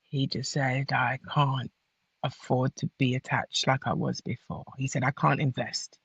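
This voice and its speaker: A woman guest on a podcast, telling a personal story in a casual, animated way and acting out what others said. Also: extremely low pitch, a little slow, creaky, husky, dry recording.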